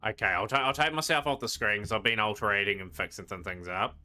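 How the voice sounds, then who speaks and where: A man casually commenting while he streams a card game, rambling and trailing off into quiet asides. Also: on the low side, fast, clean tone. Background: game music.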